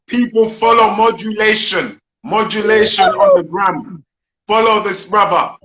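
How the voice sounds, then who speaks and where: A man's voice: high-pitched, pushed and bright, echoey room, low-quality recording. A man hosting an online open mic, effusive and full of praise, often repeating his words. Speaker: host. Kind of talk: enthusiastic live-stream hosting.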